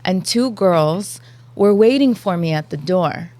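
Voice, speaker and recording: Woman, podcast guest, candid personal storytelling, animated. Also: on the low side, a little slow. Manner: candid, animated when telling stories. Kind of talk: casual chat, personal storytelling.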